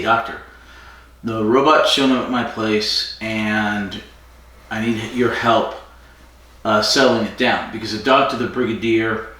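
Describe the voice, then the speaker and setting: A man's voice: lowish voice, bright, forceful tone. Rambling man recapping in an echoey room. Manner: rambling storyteller, acts out quotes. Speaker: podcast co-host. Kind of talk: casual recap chat. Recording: echoey room, distant from mic.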